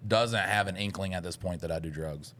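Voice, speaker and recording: A man, co-hosting a podcast, telling a story in casual chat, swearing a lot and jumping into loud voices when he quotes himself. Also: sits low, brisk. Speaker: podcast co-host.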